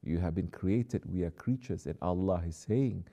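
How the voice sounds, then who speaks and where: A man preaching a sermon who exhorts his listeners, drops to soft, quiet asides and then rises to emphatic lines. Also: low-pitched, normal speed, hardly any pauses.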